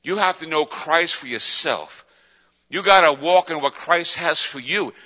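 Impassioned preacher in an echoing hall. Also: male voice, fairly high pitch, unhurried. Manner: impassioned, repetitive, swings from hushed to loud cries. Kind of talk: sermon. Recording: dull sound with long reverb in a large hall.

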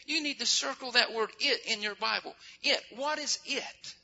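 A man delivers a fervent sermon in a strikingly high, gravelly voice with a piercingly bright edge. He slows down and repeats phrases to drive each point home. The recording sounds dull and lo-fi, with faint noise underneath. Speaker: preacher.

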